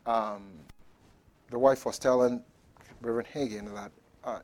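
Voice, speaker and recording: A man preaching a sermon, telling stories with sudden loud bursts and hushed near-whispers, chuckling between points. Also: mid-range voice, unhurried. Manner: animated storytelling, swings from loud shouts to near-whispers. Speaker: pastor.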